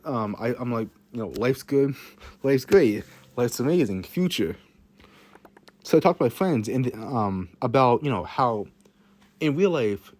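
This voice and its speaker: A teenage boy delivers a casual storytime monologue, rambling through a self-mocking tale about his own life. He swears often and restarts his sentences, speaking in a mid-range voice with a darkish tone.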